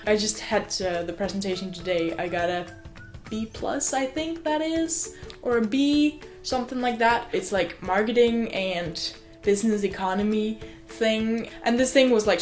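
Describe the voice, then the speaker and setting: Young female vlogger talking at home, mid-pitched, rambling and excitable, faint music in the background. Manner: excitable, gushing, swears, many "like" fillers. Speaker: student vlogger. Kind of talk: casual rambling vlog chat. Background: faint music from another room.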